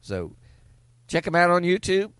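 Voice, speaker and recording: A man co-hosting a comedy podcast, reading a film star's biography from notes and often pausing on fillers. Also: high-pitched, very animated, fairly bright tone, clear, resonant tone, no room sound. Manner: reads notes with frequent filler pauses. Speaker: podcast co-host.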